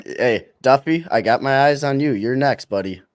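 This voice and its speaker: Guest, man, mid-pitched, relaxed and rambling. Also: normal speed, no room sound, clean studio sound. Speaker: podcast guest, wrestler. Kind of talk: casual interview chat.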